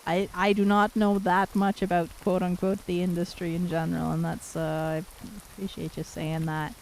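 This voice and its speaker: A woman from Canada streaming live and chatting warmly with her viewers, affectionate and giggly, a little worn from losing her voice. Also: fairly low pitch, flat delivery, moderate pace, creaky, a little hiss or hum, low-quality recording. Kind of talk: casual live-stream chat reading viewer messages.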